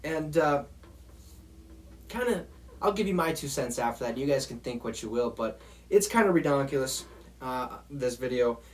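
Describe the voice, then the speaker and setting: Man, sports show host, swearing football rant, mid-pitched voice. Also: animated, moderate pace, long pauses. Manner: profane, exasperated, talks straight to viewers.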